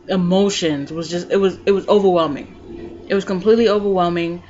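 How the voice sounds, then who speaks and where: A woman vlogging about her own life, shifting between calm, soft reflection and animated retelling of scenes. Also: mid-range voice, fairly quick, highs cut off. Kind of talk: personal storytelling vlog.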